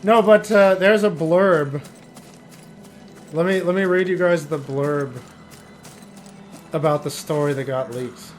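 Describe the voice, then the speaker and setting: A man streams and chats casually while gaming, rambling and cutting himself off as he goes. His voice is on the high side, slow-paced with long pauses, and faint music plays behind him.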